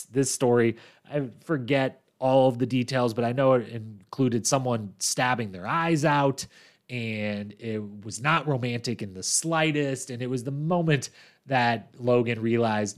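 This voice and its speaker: A man hosting a casual recap podcast, with a mid-pitched voice. He talks in a chatty, animated way, telling stories and tossing in quick asides. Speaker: podcast host.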